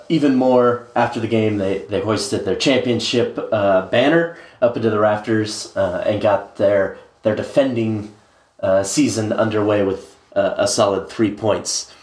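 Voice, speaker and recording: A man's voice: on the low side, measured pace, darkish tone. A man co-hosting a casual sports podcast, rambling with many filler sounds as he recaps matches. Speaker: podcast co-host. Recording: roomy echo.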